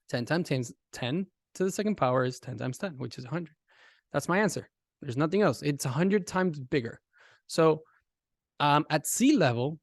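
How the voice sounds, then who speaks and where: A man teaching a casual math lesson, animated and talking directly to his students. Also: fairly high pitch, dry recording, studio quality.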